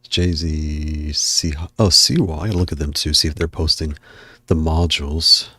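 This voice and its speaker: A man's voice: rumbling low, steady tone, moderate pace, sharp tone, no echo, clean studio sound. A man hosting a casual livestream, out of breath and chatting in a rambling way while he browses. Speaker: livestream host.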